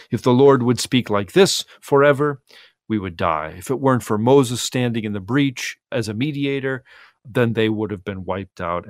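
A man, a pastor, giving earnest, teacherly Bible commentary on a talk show, acting out scripture quotes in lively voices. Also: fairly low pitch, no echo, studio quality.

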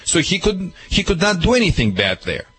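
A man working as a dog trainer who gives advice on call-in radio in broken, non-native English, lively and emphatic. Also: sits high, a little fast, husky, no room sound, low-quality recording.

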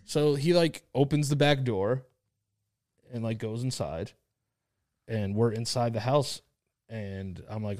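Young dude co-hosting a podcast, rambly and slangy, mid-pitched voice. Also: male voice, steady tone, moderate pace, darkish tone, dry recording, studio quality. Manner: rambling, slangy, many "like" fillers. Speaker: podcast co-host. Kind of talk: casual storytelling chat.

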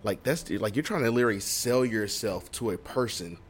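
A man hosting a podcast, chatting casually and reacting with expressive exclamations. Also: fairly low pitch, brisk, a little hiss or hum. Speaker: podcast host. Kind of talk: casual interview chat.

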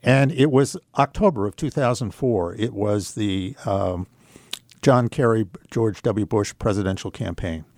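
Older man, low voice, reflective storyteller. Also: darkish tone, dry recording, studio quality. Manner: measured, reflective, with hesitant pauses. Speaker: radio guest. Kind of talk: personal storytelling on talk radio.

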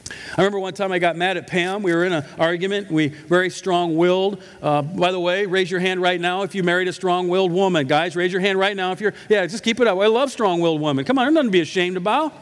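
A middle-aged male pastor preaching a sermon, telling stories with emphatic, humorous asides. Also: high-pitched. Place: church sanctuary. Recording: echoey church hall.

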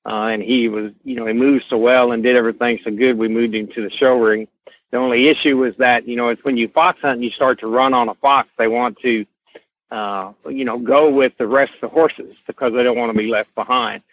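A middle-aged man with a Kentucky Southern accent tells stories slowly as a podcast guest, often pausing on fillers. His voice comes through a narrow, tinny line, close and dry with no room sound. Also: mid-range voice, fairly even intonation, dry recording. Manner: slow, unhurried, many uh fillers. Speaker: guest, horse association president. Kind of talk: casual podcast interview, storytelling.

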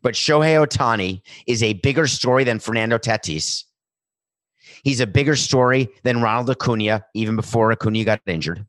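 Middle-aged male sports commentator, opinionated and emphatic, medium pitch, dead-dry recording. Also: brisk, fairly bright tone, no room sound. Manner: emphatic, repetitive, building lists. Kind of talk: opinionated monologue.

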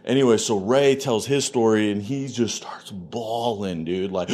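A man telling his own story in casual speech, swearing freely, animated and laughing often. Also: lowish voice, measured pace, few pauses.

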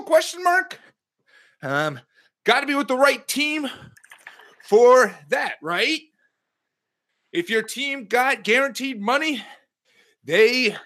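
A man putting on a cocky male football star, bragging in a high, drawling Southern twang. He is out of breath and stretches his words slowly. The tone is bright and cutting. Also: exaggerated voice. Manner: drawling, high-pitched, slowed delivery. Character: brash boastful male football star impression. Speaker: podcast co-host.

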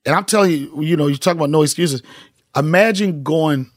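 A man's voice: on the high side, fairly quick, no echo, clean studio sound. A middle-aged male comedian, telling emphatic, profane stories as a podcast guest. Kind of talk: casual podcast chat.

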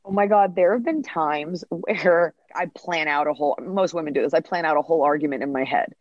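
A chatty woman comedian in her thirties tells stories fast, slipping into voices for the people she quotes. Her voice comes through a bit dull and lo-fi, with a dry, close sound. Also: low-pitched, darkish tone, dry recording. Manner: chatty, quick storytelling with acted-out quotes. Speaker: stand-up comedian, podcast guest. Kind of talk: casual interview talk.

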